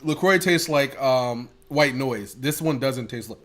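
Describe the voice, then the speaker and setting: Man, podcast co-host, casual chat, excitable, laughs a lot, curses freely. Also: mid-range voice, a little slow.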